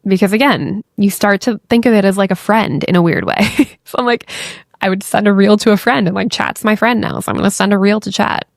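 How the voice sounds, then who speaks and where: Young woman podcaster rambling casually, fry-heavy voice, dry close mic. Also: mid-range voice, a little fast, dry recording. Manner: chatty and loose, fillers and swearing. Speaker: podcast host. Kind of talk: casual storytelling chat.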